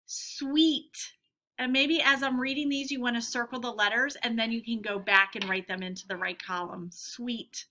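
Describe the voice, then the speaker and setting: A woman teacher giving a phonics lesson to young children, saying each word slowly and clearly twice. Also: fairly high pitch, steady tone, sharp tone. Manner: slow, clear word-by-word dictation.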